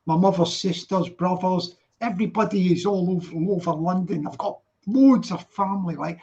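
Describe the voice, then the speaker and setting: A man's voice: high voice, moderate pace, warm tone, husky. A man in his sixties from Scotland with a Glaswegian accent, hosting a casual online chat and rambling as he repeats himself. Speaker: host. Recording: muffled lo-fi online call audio.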